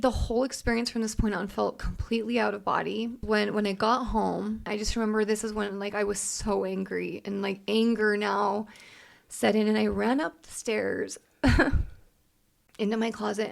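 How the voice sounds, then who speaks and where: Young adult female co-host, very gravelly, halting heartfelt storytelling. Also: mid-range voice. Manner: halting, heartfelt, many restarts. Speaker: podcast co-host. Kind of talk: emotional personal storytelling.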